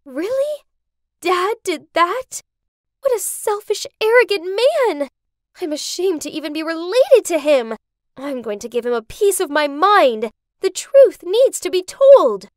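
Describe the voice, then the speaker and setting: A woman's voice: sits high, sing-song, unhurried, no room sound, studio quality, voice pushed up. A woman voicing an outspoken, principled young woman in a story, speaking emphatically. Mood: indignant. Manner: emphatic and heated.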